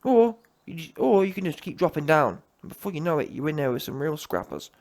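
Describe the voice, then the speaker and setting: A man's voice: on the high side, sing-song, brisk, darkish tone. A man giving a heated, emphatic solo rant as a boxing commentator, often breaking off and restarting his sentences.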